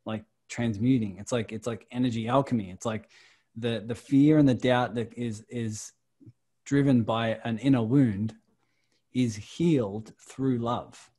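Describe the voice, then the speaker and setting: A man hosting a podcast, reflecting and affirming in a casual, soft-spoken way. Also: medium pitch, steady tone, unhurried, slightly rough. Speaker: podcast host.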